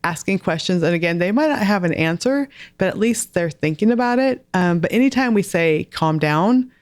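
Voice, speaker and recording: A woman's voice: medium pitch, lively intonation, brisk, darkish tone, dry recording. A woman in her forties, a guest author and homeschool mom, chatting earnestly in a podcast interview with light laughs.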